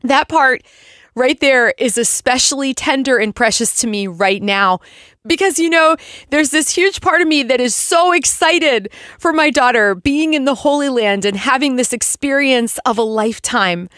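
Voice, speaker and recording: A woman in her forties hosting a devotional Bible podcast, reading scripture and reflecting in a heartfelt, expressive way. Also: high voice, normal speed, no echo, clean studio sound. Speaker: podcast host.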